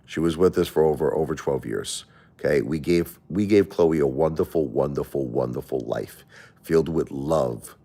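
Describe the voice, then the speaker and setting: A middle-aged man with a very deep, dark-toned voice hosts a livestream at a moderate pace. Emotional and on the defensive with his viewers, he rambles, repeats words and keeps restarting.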